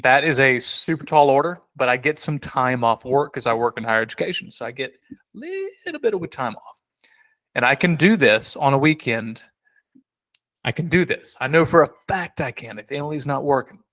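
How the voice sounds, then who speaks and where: A man's voice: mid-range voice, expressive, normal speed, fairly bright tone. A man co-hosting a casual podcast, rambling and joking with many restarts. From South Carolina. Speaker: podcast co-host.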